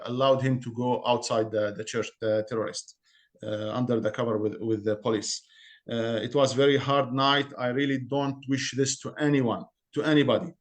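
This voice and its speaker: A man in an interview, recounting events as a community member in a halting, earnest way, often searching for words. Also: mid-range voice.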